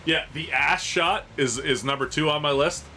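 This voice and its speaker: On a casual livestream auctioning sports cards, a man in his thirties trades profane jokes and laughs hard at his own anecdotes. His voice is on the high side and sharp-toned, at a normal pace, with a bit of background noise.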